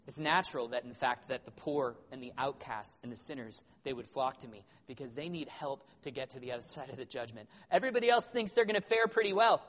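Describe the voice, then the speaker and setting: A man preaching a sermon in an animated, conversational way with wry humor. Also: fairly high pitch, fast talker, few pauses. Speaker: pastor. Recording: long hall reverb.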